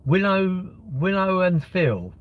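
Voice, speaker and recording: A man's voice: high-pitched, big pitch swings, takes it slowly, phone-quality sound. Blunt man on a live stream. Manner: blunt, mocking, reads chat aloud. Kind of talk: casual live-stream chat.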